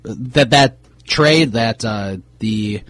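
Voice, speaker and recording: A man's voice: mid-range voice, very slow, no echo. A man co-hosting a sports podcast, chatting casually with many fillers as he runs through player news. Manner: relaxed, many fillers, reads off player signings. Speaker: podcast co-host.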